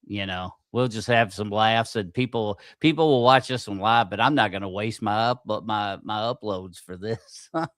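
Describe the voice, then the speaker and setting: A man's voice: on the low side, moderate pace, few pauses, a bit bright, no echo, clean studio sound. A man hosting a casual livestream podcast, swearing freely, getting aggravated and laughing at himself. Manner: profane, easily aggravated, self-mocking. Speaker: podcast host.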